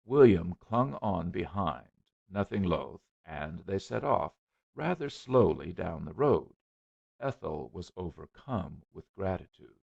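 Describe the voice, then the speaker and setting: A man narrating a storybook in a measured manner, on a dull lo-fi recording. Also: sits low, very animated, creaky, darkish tone, breathy edge. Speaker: audiobook narrator. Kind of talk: scripted narration.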